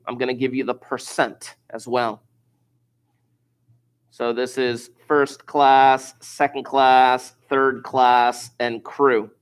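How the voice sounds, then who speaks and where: A man lecturing a high school statistics class at an ordinary mid pitch. He talks in a relaxed, offhand way with casual asides. When a point matters, he slows down and says it again. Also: clean tone. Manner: repeats key points slowly for emphasis.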